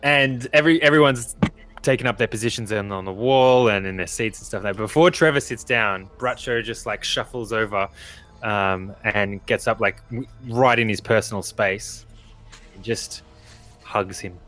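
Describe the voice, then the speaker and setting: A man's voice: fairly low pitch, normal speed, fairly bright tone, soft background music. A man narrating his character's actions in a tabletop role-playing game, chatty and full of fillers. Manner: chatty, laughing, many fillers. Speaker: player.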